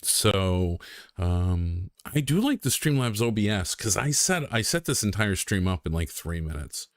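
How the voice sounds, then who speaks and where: Young guy rambling on his stream, kinda low voice, dry close sound, lots of ums. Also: sing-song, measured pace, no echo. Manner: rambling, self-deprecating, many ums and restarts. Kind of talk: casual rambling stream chat.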